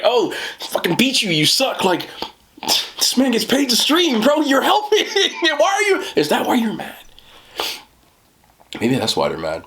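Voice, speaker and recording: A young man ranting to viewers in a mukbang vlog, with a somewhat high voice. His pitch swings widely from low mutters to high laughing jabs, and he swears freely and keeps saying "bro". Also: fairly bright tone. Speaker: mukbang creator. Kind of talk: casual vlog rant while eating.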